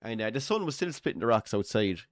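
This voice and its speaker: A man's voice: lowish voice, sing-song, fast, no echo. An Irish man co-hosting a live golf watchalong from a bar, telling a story in casual, swearing, laughing style. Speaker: watchalong co-host.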